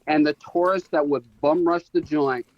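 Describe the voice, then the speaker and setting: A man's voice: on the high side, steady tone, normal speed, no echo, highs cut off. A man in his fifties from Connecticut, a guest reminiscing with enthusiasm. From Connecticut, USA. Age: 50s. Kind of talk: casual chat.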